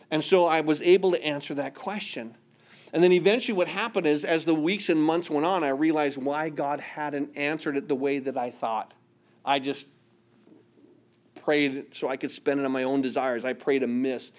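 Higher-voiced man preaching a sermon. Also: normal speed. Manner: earnest preaching, voice dropping soft in quoted prayers. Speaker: pastor.

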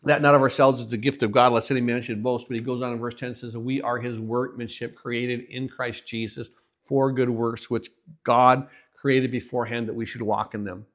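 A man preaching a sermon, telling a story with his voice rising and then dropping almost to a hush. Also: mid-range voice, flat delivery, moderate pace. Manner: storytelling, voice swells and drops to near hush.

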